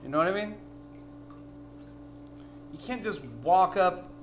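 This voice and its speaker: A tipsy man delivering a rambling, profane vlog rant that bursts into yelling. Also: sits high, slow pace, slight background noise. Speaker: vlogger. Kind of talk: ranting vlog monologue.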